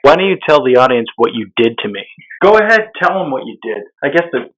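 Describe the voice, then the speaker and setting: A young man hosting a loose chat with a friend, his pitch swinging widely as he teases. He swears freely and laughs often, pressing for answers. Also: big pitch swings, fast talker, a bit bright, low-quality recording. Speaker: podcast host asking questions. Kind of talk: casual chat.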